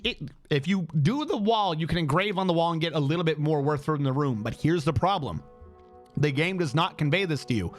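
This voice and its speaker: A male streamer giving rambling, excitable gameplay commentary with lots of fillers. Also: high voice.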